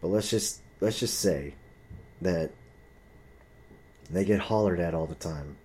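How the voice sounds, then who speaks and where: Young man, low dark voice, heated profane storytelling monologue. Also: slow pace, slightly rough. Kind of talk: casual ranting monologue.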